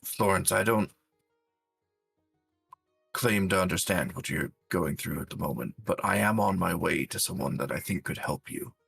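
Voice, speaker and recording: A man voicing a kind, concerned man who speaks softly and gently. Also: deep voice, normal speed, creaky, husky, dry recording, soft background music, heavily acted. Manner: kind, soft-spoken.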